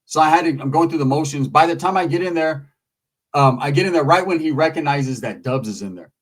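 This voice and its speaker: A man talking casually into the camera, telling a profane story and mimicking other people in loud, high voices. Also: a little fast. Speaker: YouTube commentator. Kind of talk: casual commentary monologue.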